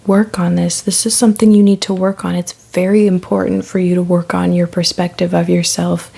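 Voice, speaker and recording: A woman card reader talking slowly in a breathy, half-whispered voice with a gravelly fry. She is blunt and direct and drives each point home by repeating it again and again. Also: fairly low pitch, darkish tone. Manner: blunt, repetitive, emphatic reassurance.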